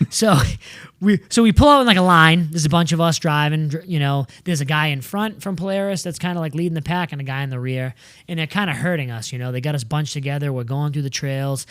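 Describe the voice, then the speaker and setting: A man from New England tells a story in a casual, animated way, swearing freely and putting on voices for the people in it. His voice sits a bit high. The sound is close and dry, with no room echo. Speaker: co-host.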